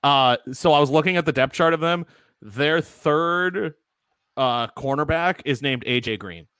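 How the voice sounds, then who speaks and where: A man's voice: on the high side, a little slow, a bit bright, smooth, no echo. A young man co-hosting a casual sports podcast, blunt and combative, swearing freely as he argues. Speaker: podcast co-host.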